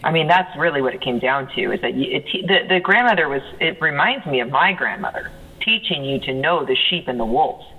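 A man in casual conversation, explaining at length in an animated way. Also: fairly high pitch, brisk, breathy edge, narrow, tinny audio. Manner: animated, talks in long explanatory runs. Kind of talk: casual chat.

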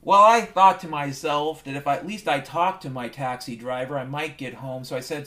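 A man's voice: fairly high pitch, normal speed, few pauses, pushed and bright. Profane rambling man over piano. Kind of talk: rambling comic monologue. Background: piano music.

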